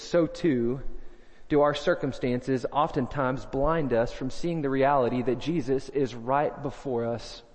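A man preaching a sermon, earnest, dropping low and soft on key lines and acting out the voices he quotes. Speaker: pastor. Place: church sanctuary. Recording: long hall reverb.

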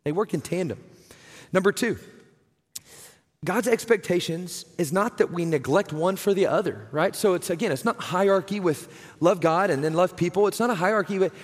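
A man's voice: high voice, normal speed. A man, preaching a conversational, earnest sermon. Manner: conversational, earnest, says "right?" and "man" often. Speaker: pastor. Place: church sanctuary. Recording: long hall reverb.

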